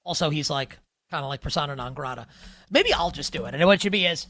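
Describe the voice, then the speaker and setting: A man hosts a live sports betting show in a loose, joking way, often restarting his sentences. His voice is bright and bouncy and swings widely in pitch. The sound is dry and close, with no room echo. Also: lively intonation, fast talker. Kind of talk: casual live show chat.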